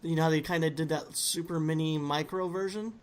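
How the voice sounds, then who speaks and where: A man's voice: on the high side, steady tone, brisk. A man hosting a podcast, chatting casually and playfully, often laughing. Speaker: podcast host. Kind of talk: casual chat.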